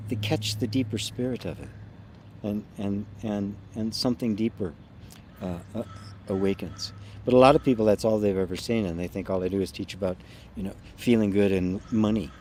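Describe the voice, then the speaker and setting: A man hosting a live spiritual satsang, speaking slowly and softly, trailing into quiet tones and reading out viewer comments. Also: on the low side, a little hiss or hum. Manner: slow, soft and reflective, often trailing off quietly with gentle laughs. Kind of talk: live-stream talk answering chat comments.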